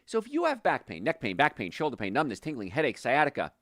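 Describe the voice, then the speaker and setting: A man's voice: medium pitch, huge pitch swings, fast, a bit bright, no echo, clean studio sound. A middle-aged man hosting a health show, chatting casually with personal asides and fillers. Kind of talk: casual health talk to camera.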